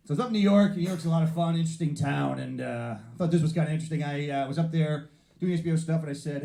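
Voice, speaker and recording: Male stand-up, quick and profane, acting out bits, slightly raised pitch, echoey stage. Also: warm tone. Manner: brash, profane storytelling with acted-out voices. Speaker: stand-up comedian. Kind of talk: stand-up routine. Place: theater stage before a live audience. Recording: roomy live venue sound.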